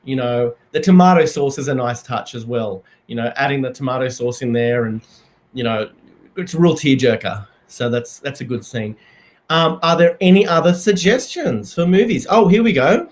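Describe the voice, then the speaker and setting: A man hosting a comedy live stream, talking in a halting, deadpan way with many fillers. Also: mid-range voice.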